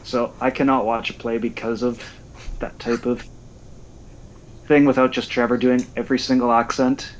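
A man's voice: medium pitch, flat delivery, moderate pace, dull audio, slight background noise. Dry-voiced man prompting in casual chat. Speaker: podcast co-host and coach.

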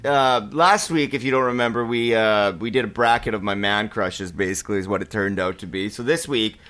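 A man hosting a casual podcast through a phone headphone mic, teasing and quick to laugh. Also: on the low side, a bit bright, faint music behind. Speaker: podcast host.

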